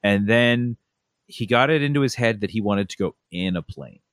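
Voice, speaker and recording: A young man telling family stories in a relaxed chat, acting out a toddler's lines with lots of energy. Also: lowish voice, normal speed, dry recording, clean studio sound. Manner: animated storyteller, acts out a toddler's voice. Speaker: podcast co-host. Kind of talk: casual storytelling chat.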